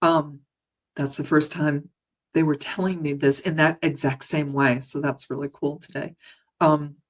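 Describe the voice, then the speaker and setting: A woman meditation guide chatting gently and earnestly as she introduces a guided healing meditation, with frequent restarts and soft laughs. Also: sits low. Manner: emotional, earnest.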